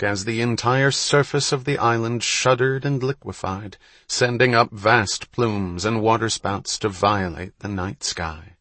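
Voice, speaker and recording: A man reading an audiobook in a measured, unhurried storytelling manner. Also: fairly low pitch, a bit bright, no echo. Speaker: audiobook narrator. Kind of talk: scripted narration.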